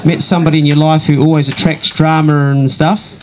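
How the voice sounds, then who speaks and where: Animated New man telling a story. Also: a little high, a little fast, a crowd in the background, rough recording. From New Zealand. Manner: animated, does voices of other people. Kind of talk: comic storytelling.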